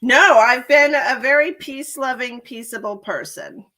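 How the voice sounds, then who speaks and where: A woman's voice: sits high, normal speed, sharp tone. A woman giving live-stream tarot readings, chatting with viewers and calling them honey and darling. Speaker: tarot reader.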